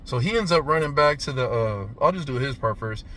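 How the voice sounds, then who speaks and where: A man in his thirties giving a casual, profane movie review, punctuating the retelling with "boom" sound effects and "right?" after nearly every line. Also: fairly quick, a little hiss or hum. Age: 30s. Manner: animated, profane, says "right?" constantly.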